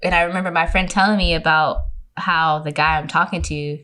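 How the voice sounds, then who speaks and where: A woman's voice: low voice, fairly quick. A young woman from California, a podcast guest, chatting casually and telling a dating story with lots of swearing and acted-out quotes. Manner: animated storyteller who swears freely and acts out quotes. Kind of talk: casual chat.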